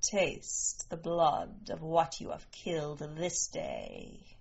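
A woman voicing a fierce, regal priestess queen who is maternal to her daughter, speaking low and slowly. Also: steady tone, muffled recording. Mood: proud.

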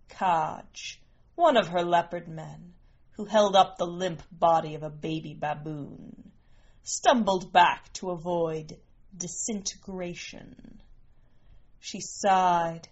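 A woman narrating a story in a slow, measured way. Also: lowish voice, steady tone, muffled recording.

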